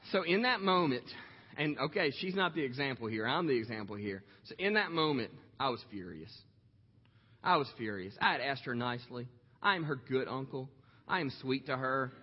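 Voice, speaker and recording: Pastor guy in his 30s telling a story in his sermon, slow with lots of um pauses, muffled recording. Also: medium pitch, expressive, slightly rough. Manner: slow, heartfelt, many "um" pauses. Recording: echoey hall, dull lo-fi sound.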